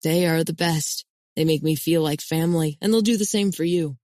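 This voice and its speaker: A woman reading as a gentle friendly young woman. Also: low-pitched, moderate pace, no room sound, studio quality, natural voice. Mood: warm.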